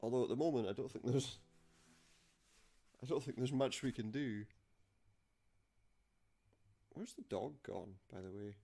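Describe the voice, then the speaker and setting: A man's voice: mid-range voice, measured pace, gravelly, pauses often, mellow, husky, soft background music. A man casually commenting while playing an adventure game, dry and wry. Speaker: let's play gamer.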